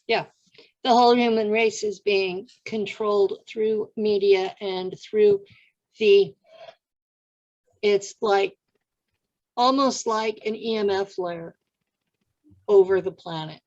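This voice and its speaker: A woman hosting an interview, speaking in a slow, halting way. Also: mid-range voice, steady tone, darkish tone, muffled recording. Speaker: podcast host. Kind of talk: casual interview chat.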